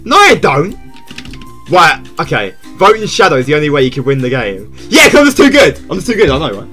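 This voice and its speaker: Excitable high-voiced male streamer. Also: fairly quick, soft background music. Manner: tags nearly every phrase with "yeah?", talks to chat; excitable, shouts when surprised. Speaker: live streamer. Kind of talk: casual live gaming stream chat.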